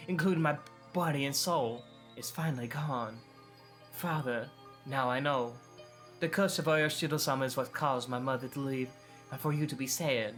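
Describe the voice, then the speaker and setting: A man's voice: medium pitch, a bit bright, voice pushed up, close to an everyday voice. A man reading a visual novel aloud, voicing a tormented teenage girl sinking into paranoid delusion, repeating herself in an obsessive, pleading way.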